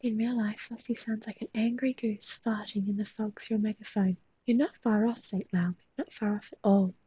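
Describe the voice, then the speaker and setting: A woman talks in a soft, mostly whispered voice and yawns often as she chats with viewers on a live stream while she draws. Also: mid-range voice, steady tone, normal speed, breathy edge.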